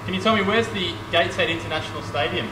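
An Australian man, a co-host, doing jokey deadpan street interviews outdoors and bantering with his co-host. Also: high-pitched, quick pace, background noise. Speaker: co-host and roving reporter. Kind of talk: casual vox-pop comedy reporting.

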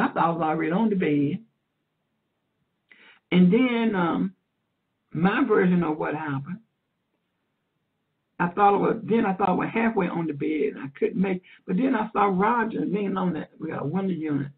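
A woman evangelist teaching a sermon in an earnest, repetitive way, warmly calling her listener "dear heart". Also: mid-range voice. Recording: tinny phone line.

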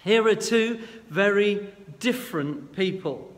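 An earnest male preacher with a slightly high voice, retelling a Bible story gently and with frequent restarts. A long reverb tail follows his words, as in a large hall. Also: slow pace. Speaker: guest preacher.

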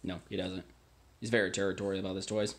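A man's voice: low voice, level tone, fast. A man hosting a casual home video, tasting wine and chatting to his dogs between remarks. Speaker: amateur wine vlogger.

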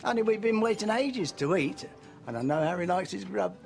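An actor playing a blustering older uncle hosting a family meal, with an exasperated manner. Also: male voice, sits high, expressive, brisk, gravelly, a little mellow, soft background music. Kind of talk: TV soap drama acting.

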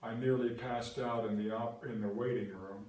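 A man's voice: mid-range voice, fairly even intonation, moderate pace, a little mellow, a little hiss or hum. An older man preaching a sermon as pastor, telling a personal story earnestly and building to emphatic, repeated declarations. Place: church sanctuary. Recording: echoey church hall from far off.

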